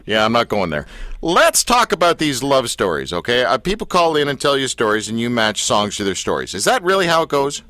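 A man's voice: medium pitch, big pitch swings, fairly quick, pushed and bright, dry recording. A man interviewing a guest in a joking, teasing casual chat.

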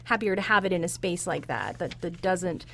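A woman's voice: on the low side, animated, moderate pace, gravelly, fairly bright tone. A woman, a guest on a radio talk show, chatting with good humor in a studio. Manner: good-humored, laughing easily. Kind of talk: casual radio chat.

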